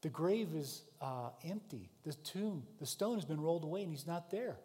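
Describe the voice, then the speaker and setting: A preacher tells a sermon as a vivid second-person story, his voice a little high with a mellow, dark tone. Animated and at normal speed with few pauses, he swings between shouted passages and hushed ones, all carried by the long reverb of a large hall.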